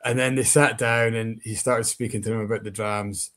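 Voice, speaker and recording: A man's voice: fairly low pitch, fairly even intonation, moderate pace, a bit bright. A man co-hosting a podcast, telling easygoing stories in casual chat. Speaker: co-host.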